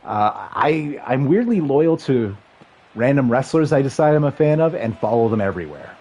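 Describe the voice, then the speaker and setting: Excitable man calling a football video game. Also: mid-range voice, moderate pace, husky. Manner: chatty, excitable, rambling asides. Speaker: livestream gamer and commentator. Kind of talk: casual play-by-play chat with chat.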